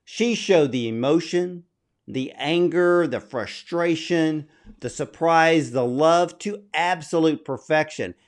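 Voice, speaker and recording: Slow, effusive male interviewer. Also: on the high side. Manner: effusive, admiring. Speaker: interviewer, host. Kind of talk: interview questions.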